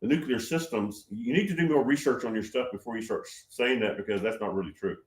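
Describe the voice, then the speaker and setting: A man's voice: mid-range voice, fast. Rambling emphatic man in a roomy room. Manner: rambling, repeats himself, emphatic. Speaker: host of a prophetic livestream. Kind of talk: casual livestream commentary.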